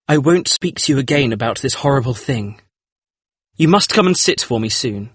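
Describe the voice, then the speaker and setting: An actor playing an earnest, troubled male painter with a husky voice, in an audiobook drama reading. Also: fairly high pitch, sing-song, moderate pace, fairly bright tone, no echo, full character voice. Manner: pleading, earnest.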